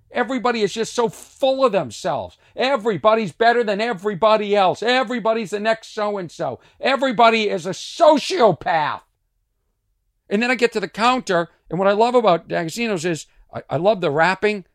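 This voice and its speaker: A man's voice: high voice, dry recording, studio quality. A man from Boston hosting his podcast as a casual, rambling monologue full of asides and restarts. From Boston, USA. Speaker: podcast host.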